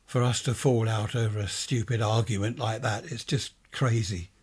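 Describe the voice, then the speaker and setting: A man reading a ghost story aloud, voicing a gentle, talkative middle-aged woman who rambles and sighs. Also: lowish voice, steady tone, moderate pace, breathy edge. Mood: chatty, sorrowful. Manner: warm, rambling, sighing.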